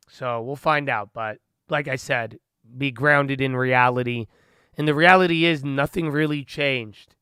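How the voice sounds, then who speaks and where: Guy streaming about stocks, rambly and chill, calls everyone bro, clean smooth voice, dry close sound. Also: mid-range voice, unhurried, sharp tone, no echo. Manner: rambling, loose, talks to chat with "bro" and "man". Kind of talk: casual livestream chat.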